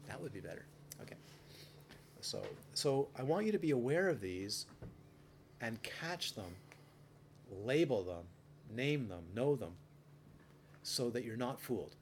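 Male meditation teacher, dharma talk, relaxed storytelling, frequent restarts, middle pitch, faint background noise. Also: unhurried, long pauses. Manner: relaxed, anecdotal, frequent restarts and playful acted quotes.

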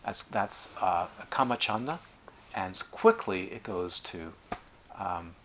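A middle-aged man teaching meditation at a retreat, talking in an animated way with playful asides. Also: low-pitched, takes it slowly, a little hiss or hum. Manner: animated, acts out quoted voices, lively asides. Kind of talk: dharma talk at a retreat.

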